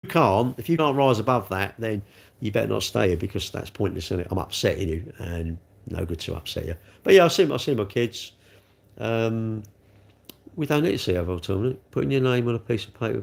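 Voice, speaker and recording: A man in his sixties with a gravelly voice, hosting a casual live stream, chatting and joking as he answers viewer comments. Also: fairly low pitch, brisk. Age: 60s. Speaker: livestream host reading chat.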